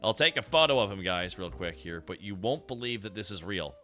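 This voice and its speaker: A man hosting a stream, casual and excitable, swearing a lot and laughing often. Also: sits low, a little fast, faint music behind. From Canada. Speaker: streamer host.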